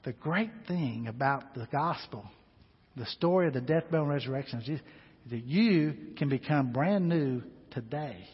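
Husky preacher guy in a church, goes quiet then builds up loud, big echo, kinda muffled. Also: on the high side, lively intonation, moderate pace. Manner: swings between hushed, intimate asides and loud, rising exhortation. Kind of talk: sermon with personal storytelling. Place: church sanctuary. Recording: long hall reverb, dull lo-fi sound.

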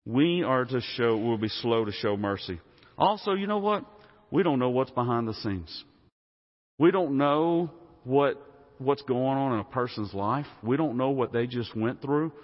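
Male pastor, conversational sermon delivery, mid pitch, muffled church recording with long reverb. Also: lively intonation, measured pace. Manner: conversational preaching, asks the congregation questions.

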